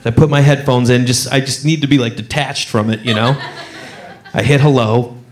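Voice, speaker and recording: A man's voice: medium pitch, fairly even intonation, brisk. A man doing stand-up comedy, telling a story in a playful way with lots of asides.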